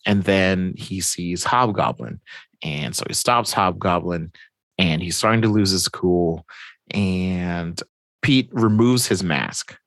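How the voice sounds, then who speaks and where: A man's voice: deep voice, takes it slowly, fairly bright tone, no echo. A man in casual chat, animatedly retelling a comic storyline and acting out the characters' lines.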